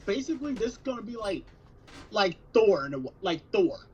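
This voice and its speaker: A podcast co-host tells stories casually, restarting himself again and again. His high-pitched voice is very animated, a little fast and slightly mellow. The lo-fi recording sounds dull and carries slight background noise.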